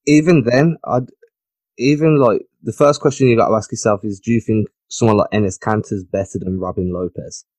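A man's voice: lowish voice, steady tone, moderate pace, darkish tone, no room sound. A man co-hosting a sports podcast in casual chat, blunt, opinionated and teasing. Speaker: podcast co-host.

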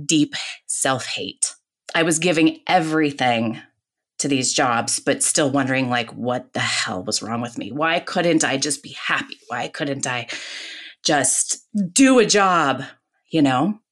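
A woman in her forties, a podcast guest telling her own story in a candid, lively way, often adding "right?" and "like". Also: low-pitched. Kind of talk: casual personal storytelling.

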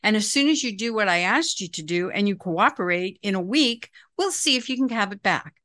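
A middle-aged woman, a parenting expert, calmly explaining advice in a casual talk and acting out what a parent might say. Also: mid-range voice, brisk, no echo, studio quality. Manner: calm, explanatory, acts out quoted dialogue.

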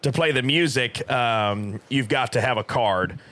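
Bright-voiced rodeo announcer, halting. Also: male voice, mid-range voice. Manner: relaxed, hesitant with many fillers and small laughs. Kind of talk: casual podcast interview.

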